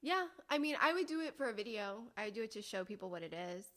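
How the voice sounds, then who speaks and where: A woman hosting a beauty podcast, chatting casually and wandering into excited stories. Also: medium pitch. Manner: excitable, digressive, quick to laugh. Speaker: podcast host.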